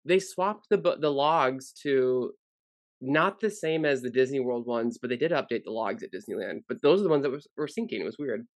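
A man's voice: mid-range voice, expressive, fairly quick, dry recording, clean studio sound. A man co-hosting a casual podcast, rambling through stories with lots of fillers. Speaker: podcast co-host.

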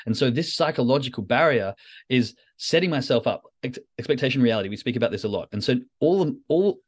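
A man's voice: mid-range voice, animated, a little fast. A man hosting a solo podcast, talking candidly and self-critically with frequent restarts. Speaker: podcast host, trader. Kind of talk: reflective solo podcast talk.

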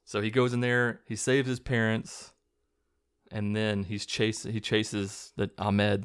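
A man casually recapping a movie plot in a rambling, chuckling way, swearing and restarting as he goes. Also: on the low side. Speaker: movie reviewer.

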